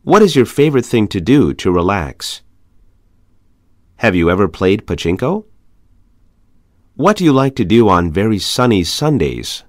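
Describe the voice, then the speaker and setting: A man reading English conversation practice questions aloud in a measured, even way. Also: lowish voice, no echo, studio quality. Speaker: English lesson reader.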